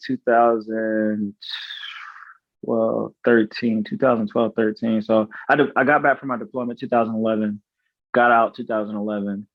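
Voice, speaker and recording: Podcast guest, male, 30s. Earnest and halting, lots of restarts. Dry, slightly muffled mic sound. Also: medium pitch, no echo. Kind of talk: personal storytelling in interview. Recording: slightly dull, dry recording.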